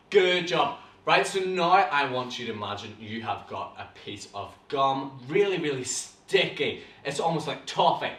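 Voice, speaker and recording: A young Northern Irish man teaches a beginners' acting class with bright, encouraging energy. His voice rings around an echoey studio room, picked up from some way off the mic. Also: mid-range voice, normal speed, hardly any pauses. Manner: lively, encouraging, coaching warm-ups aloud. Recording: roomy echo, from a distance.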